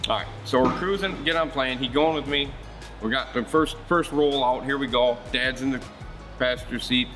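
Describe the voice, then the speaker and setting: A man's voice: mid-range voice, normal speed, over music. A man hosting a marine service shop show, talking casually and bluntly about outboard motors, rambling through stories and swearing freely.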